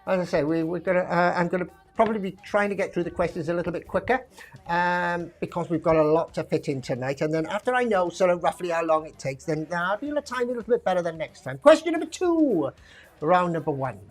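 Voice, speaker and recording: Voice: mid-range voice, animated, quick pace. A quiz host reading out multiple-choice questions on a live stream. The delivery is chatty and self-mocking, wandering into rambling asides before coming back to the next question. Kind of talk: casual live-streamed pub quiz hosting.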